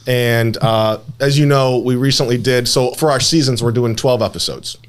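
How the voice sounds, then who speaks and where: A man's voice: medium pitch, steady tone, normal speed, clear, resonant tone. A man hosting a recovery podcast, joking and playful as he introduces his guests in casual chat. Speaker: podcast host.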